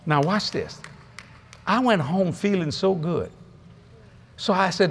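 A male preacher telling humorous, folksy stories in a lively sermon. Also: sits high, takes it slowly, pauses often, a little hiss or hum. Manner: folksy, humorous, animated storytelling with many acted quotes. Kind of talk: sermon with storytelling.

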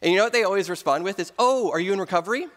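A man in his thirties preaches a sermon as pastor, telling stories with easy humor. His voice sits a little high for a man. It carries a long reverb from a large sanctuary. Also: expressive, rapid-fire, a bit bright. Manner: storytelling with humor.

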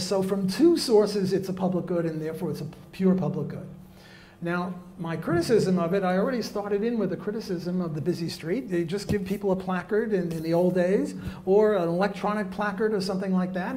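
A man's voice: high voice, darkish tone. A man giving a live economics lecture, blunt and jokey, with many fillers and restarts.

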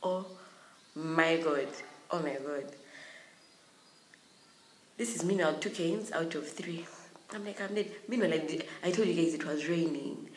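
A young adult woman, telling a story from her school days in an animated, dramatic way with many exclamations. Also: low voice, measured pace, pauses often, slight background noise. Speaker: vlogger. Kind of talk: storytime vlog. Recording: echoey room.

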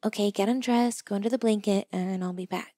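A woman voicing a gentle, quiet male masseuse in a low, soft voice. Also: steady tone, a little fast, dry recording, clean studio sound.

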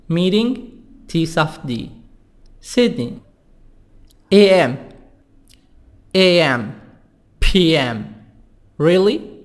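Slow, high-voiced man teaching words. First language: Arabic. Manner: repeats single words slowly and deliberately, with quick asides in Arabic. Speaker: English teacher. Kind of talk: vocabulary and pronunciation lesson.

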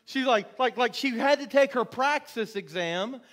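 A middle-aged male pastor preaching a sermon in church, repeating his words and building to shouts. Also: very high-pitched, animated, normal speed. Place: church sanctuary.

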